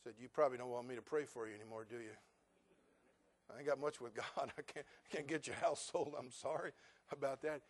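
A middle-aged male pastor preaching a sermon, moving from folksy storytelling to loud, emphatic preaching. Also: medium pitch, fast.

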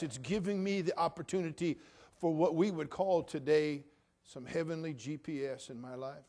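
A man preaching a sermon in a conversational way, with humorous asides and swings from quiet remarks to emphatic declarations. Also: a little high, normal speed. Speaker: pastor.

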